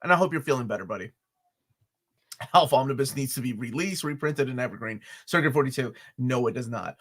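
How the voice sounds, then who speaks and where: A man from Peru co-hosting a casual live stream, animated and quick to laugh as he answers chat comments. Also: medium pitch. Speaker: co-host.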